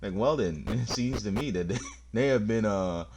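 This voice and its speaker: A man's voice: on the low side, lively intonation, normal speed, darkish tone, a little hiss or hum. A man commenting playfully on a video game as he plays, laughing often. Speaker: let's play host. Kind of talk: gameplay commentary.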